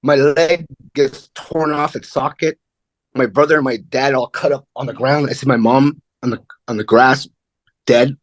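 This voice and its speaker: A middle-aged man, a comedian guest, telling a personal story in a candid, animated way and acting out the voices of the people in it. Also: medium pitch, normal speed, dry recording. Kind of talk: casual interview storytelling.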